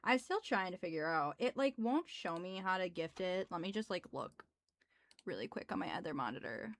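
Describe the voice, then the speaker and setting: A woman's voice: on the low side, lively intonation, moderate pace. A young woman streaming live, chatting casually and a little scattered as she types. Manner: chatty, scattered, talks while typing. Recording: clear background noise with keyboard typing. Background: keyboard clicks.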